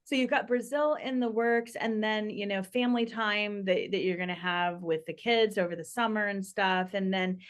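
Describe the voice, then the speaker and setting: A woman's voice: mid-range voice, moderate pace, few pauses. Playful woman podcast host. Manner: playful, laughing storyteller. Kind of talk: casual chat.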